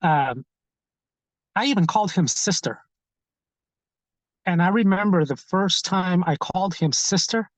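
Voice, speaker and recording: A man telling his own story in an interview, earnest and halting, often repeating words as he searches for what to say. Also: sits high, no echo, low-quality recording. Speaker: street ministry founder.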